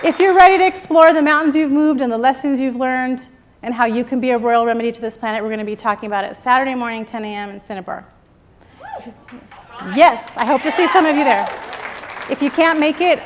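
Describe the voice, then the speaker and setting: A woman's voice: a little high, slight background noise. A middle-aged woman giving a rousing motivational speech on stage, calling out to her audience and drawing replies. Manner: rousing, call-and-response with the audience. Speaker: keynote speaker. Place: event stage before a live audience.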